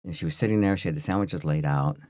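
A man with a very low voice tells a story on a podcast, loose and rambling, with lots of restarts and fillers. The sound is dry and close, with no room behind it. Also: fast, no echo. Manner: rambling, full of restarts and "like", animated. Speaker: podcast co-host. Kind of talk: casual storytelling chat.

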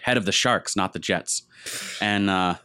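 A man's voice: low voice, a little slow, pushed and bright, clear, resonant tone. A man co-hosting a casual gaming podcast, rambling through stories and acting out what other people said. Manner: rambling storyteller who acts out other people's lines. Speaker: podcast co-host.

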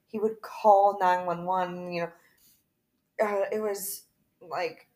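A woman's voice: fairly low pitch, fairly even intonation, slow pace, darkish tone. A young woman co-hosting a podcast in casual chat, talky and full of fillers. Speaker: podcast co-host.

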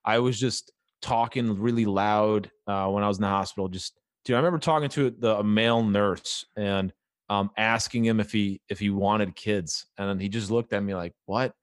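A man's voice: on the low side, fairly even intonation, normal speed, dry recording, studio quality. A young man in his twenties telling a story in casual chat, swearing freely, laughing mid-story and acting out what people said.

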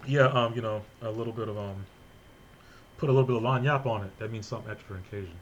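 A man's voice: fairly low pitch, muffled recording, a little hiss or hum. A man hosting a podcast in casual, joking chat, recorded remotely. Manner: fast, animated, joking. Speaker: podcast host.

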